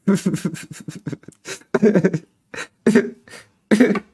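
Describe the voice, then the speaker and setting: A man's voice: high voice, very slow, mellow, husky. A man hosting a casual livestream, talking to viewers and reading their comments, often breaking into laughter and teasing in a loose, rambling way.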